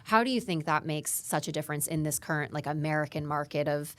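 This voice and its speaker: A woman's voice: low-pitched, quick pace. A woman hosting a podcast, asking long, searching questions in a friendly, casual way. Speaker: podcast host. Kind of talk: casual interview.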